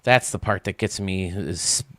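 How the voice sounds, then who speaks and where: A man's voice: deep voice, unhurried, a bit bright, dry recording, clean studio sound. A man hosting a casual gaming stream, rambling and thinking aloud as he works, with frequent laughs. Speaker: streamer and game designer host.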